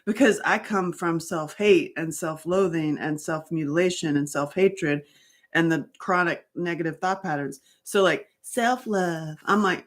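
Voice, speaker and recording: A woman talking casually to her viewers about healing, rambling and animated, often breaking off mid-sentence. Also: on the low side, a little slow. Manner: rambling, animated, self-interrupting. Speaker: author and survivor advocate. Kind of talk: casual livestream talk.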